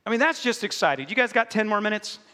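Recorded live in a reverberant church hall, this pastor talks fast in a high-pitched voice. His sermon is animated and full of jokes aimed straight at the congregation.

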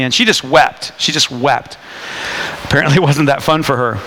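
A man preaching a sermon, telling a personal story in a casual, animated way with many fillers and restarts. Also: mid-range voice, normal speed, background noise. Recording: long hall reverb.

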